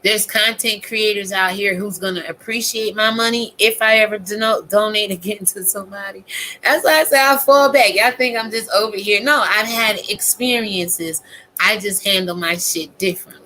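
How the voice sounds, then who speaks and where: A woman giving a casual, profane, animated rant as a YouTube commentator, talking straight to her viewers. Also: medium pitch, moderate pace, a little hiss or hum.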